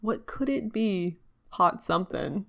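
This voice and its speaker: A woman's voice: medium pitch, lively intonation, a little slow, vocal fry. A woman co-hosting a podcast, chatting casually, laughing often and swearing freely. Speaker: podcast co-host. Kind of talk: casual chat.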